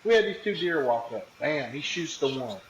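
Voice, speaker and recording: A man, a podcast guest, telling a story in a slangy, animated, casual way. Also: fairly high pitch, normal speed, roomy sound, dull audio, a little hiss or hum. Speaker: podcast guest, hunting ambassador.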